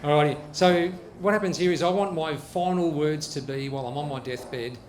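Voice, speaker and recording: A man's voice: a little high, brisk. A man hosting a comedy show, telling jokes in a hesitant, casual way with restarts. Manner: hesitant storyteller, restarts and fillers. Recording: roomy echo, faint noise.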